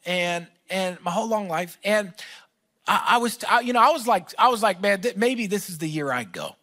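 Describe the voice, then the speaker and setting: Animated, joking male pastor. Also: high voice, moderate pace. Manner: humorous storytelling, animated, self-mocking. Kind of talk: sermon. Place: church with live audience.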